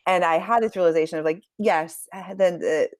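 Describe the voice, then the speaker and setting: A school staff member speaking earnestly and from the heart in a casual online community talk over a video call. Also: female voice, on the low side, moderate pace, darkish tone, no echo.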